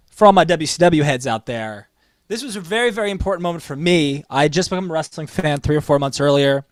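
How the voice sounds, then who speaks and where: Podcast co-host, male, eager storyteller, slightly high voice, dry close mic. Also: quick pace, no echo. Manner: enthusiastic storytelling, rises in pitch when excited. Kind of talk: casual wrestling podcast chat.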